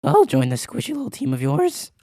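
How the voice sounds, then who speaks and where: A woman's voice: fairly high pitch, huge pitch swings, fairly quick, no echo, studio quality, full character voice. A woman voicing a chirpy small object character in a web cartoon, talking in a bubbly, overdone way. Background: loud background music.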